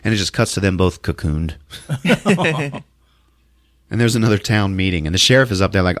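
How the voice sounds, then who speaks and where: A man hosting a podcast, recapping a movie with animated, laughing storytelling. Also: low voice, moderate pace, long pauses, dry recording, clean studio sound. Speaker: podcast host.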